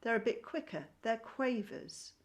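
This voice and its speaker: Slow, patient woman music teacher. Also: on the high side, lively intonation. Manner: claps and chants rhythm syllables. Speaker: primary school music teacher. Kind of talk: online music lesson. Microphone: screen-shared video call.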